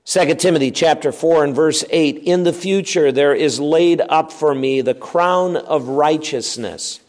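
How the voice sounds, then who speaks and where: A man delivers a sermon slowly and deliberately, leaning on each phrase and repeating key words for emphasis. His voice sits somewhat high for a man. The sound carries the long reverb of a large hall. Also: darkish tone. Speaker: preacher. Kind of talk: expository sermon.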